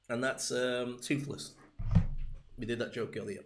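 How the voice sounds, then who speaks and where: A man coaching viewers through a live-streamed business talk, his voice sitting a little higher than most men's. He is lively and full of jokes, talking straight to the camera as if to a friend. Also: fairly quick.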